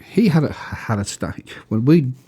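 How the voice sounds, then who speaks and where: A man with a Northern Irish accent chatting on local radio and telling lively anecdotes. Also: mid-range voice, normal speed, husky. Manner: anecdotal storyteller, animated. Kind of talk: casual chat.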